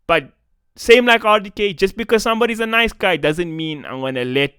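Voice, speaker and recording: A man's voice: sits high, fairly quick, fairly bright tone, clean tone, dry recording, clean studio sound. A young South African man with a South African accent, ranting in a profane, casual-slang commentary vlog. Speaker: esports commentator.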